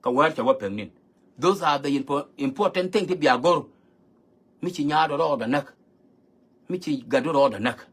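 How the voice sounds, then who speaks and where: A man's voice: a little high, sharp tone, breathy edge. A man giving an emphatic, lecturing monologue, switching between languages as he talks. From South Sudan. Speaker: online commentator. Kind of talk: monologue talk mixing languages.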